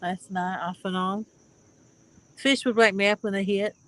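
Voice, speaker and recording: A woman's voice: mid-range voice, fairly even intonation, normal speed, rough recording. A woman streaming live from a pontoon boat outdoors, chatting casually with viewers in a laid-back way and greeting them by name.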